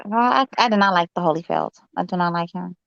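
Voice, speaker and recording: A woman's voice: on the low side, fast, creaky, no echo. Blunt woman on a dull, dry mic. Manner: blunt, opinionated, salty. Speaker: podcast co-host. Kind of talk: casual sports chat.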